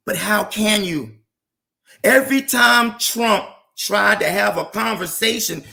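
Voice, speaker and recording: A man makes his case on an open panel, driving each point home with rhetorical questions. His voice sits high and bright, with a gravelly fry. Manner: impassioned, rhetorical, emphatic. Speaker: panel speaker. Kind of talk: political debate on an open panel.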